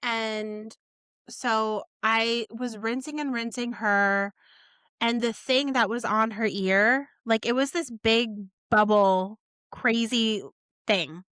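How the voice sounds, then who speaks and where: A woman in her thirties, co-hosting a relaxed faith podcast, tells a story with animated asides. Her voice sits fairly high and sounds smooth and clear. The close mic is dry. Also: slow pace, no echo. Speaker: podcast co-host. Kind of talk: casual faith chat.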